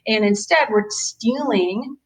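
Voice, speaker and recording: A woman's voice: a little high, slow pace. A woman in her thirties, a chiropractor, giving a casual webinar talk on parenting from her office, rambling with lots of "um" and "you know". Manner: acts out quoted voices of her kids and parents. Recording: roomy, distant-sounding office recording.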